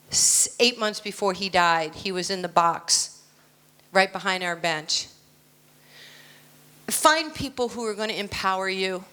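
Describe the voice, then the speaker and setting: A woman's voice: medium pitch, sharp tone, clean tone. A woman in her sixties with a New York accent, giving a blunt, emphatic motivational keynote full of personal stories. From United States. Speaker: keynote speaker. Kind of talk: motivational speech.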